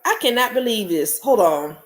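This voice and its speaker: A woman's voice: on the high side, expressive, moderate pace. A woman hosting a live stream, ranting angrily and bluntly with profanity while greeting chat viewers. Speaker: podcast host. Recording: echoey room.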